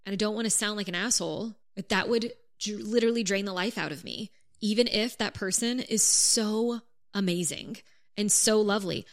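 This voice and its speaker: A woman's voice: medium pitch, moderate pace. A woman co-hosting a podcast, speaking frankly and reflectively in a casual chat with her partner. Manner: frank, reflective, talks in long explanations. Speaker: podcast co-host.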